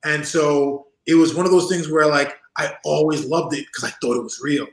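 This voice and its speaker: Here the former wrestler, a man in his forties, sounds fairly high and keeps a moderate pace. The audio is poor and echoes with reverb. He stays animated throughout the casual interview, laughing frequently and voicing the characters in his stories.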